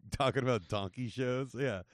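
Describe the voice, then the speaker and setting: A man's voice: medium pitch, a little slow, no echo, clean studio sound. A man in his forties from Southern California hosting a casual comedy podcast, rambling, swearing and laughing often. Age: 40s. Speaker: podcast host.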